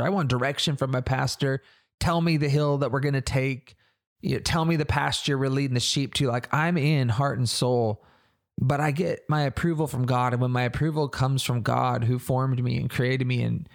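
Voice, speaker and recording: Gravelly earnest male podcast pastor. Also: mid-range voice. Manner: earnest, conversational, asks searching questions. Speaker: church leader podcast host. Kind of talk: reflective podcast teaching.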